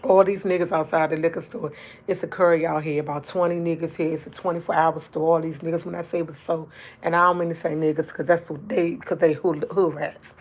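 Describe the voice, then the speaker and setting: Livestream host, woman, slightly low voice, casual storyteller who talks fast and wanders off track. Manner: fast, rambling talk that jumps around; chatty and animated when retelling events. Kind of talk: casual storytelling to a live audience.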